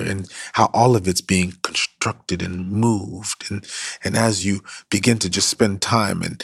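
Low gravelly preaching man. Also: fairly bright tone, no room sound, studio quality. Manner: earnest preaching, drops to whispers for emphasis. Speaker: pastor. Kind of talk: sermon.

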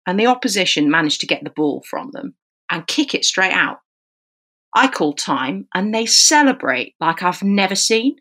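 Woman referee; animated podcast storyteller who acts out the voices in her tale, slightly low voice. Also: moderate pace. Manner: animated storyteller acting out dialogue. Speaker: rugby referee. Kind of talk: podcast anecdote.

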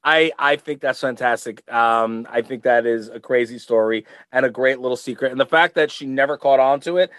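A middle-aged man co-hosting a podcast, chatting casually, rambling and stammering with loud laughs. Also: mid-range voice, moderate pace, few pauses, no echo. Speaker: podcast co-host. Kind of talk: casual chat.

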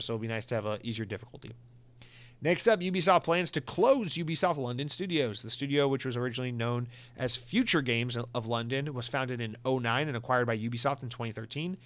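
A man's voice: mid-range voice, no echo. A man hosting a solo gaming news podcast, chatty and joking, slightly out of breath. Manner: chatty, joking, animated asides. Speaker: podcast host.

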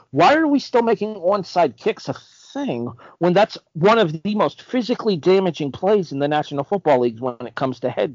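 Chatty higher-voiced podcast host man. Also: dry recording. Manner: chatty, quick to joke and laugh. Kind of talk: casual sports podcast chat. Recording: dull, dry lo-fi podcast audio.

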